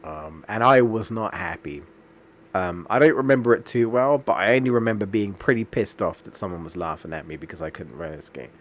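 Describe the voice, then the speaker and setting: Low-voiced man rambling over gameplay. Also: animated, a little fast. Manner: rambling, anecdotal, many restarts and fillers. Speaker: streamer. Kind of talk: casual gameplay commentary.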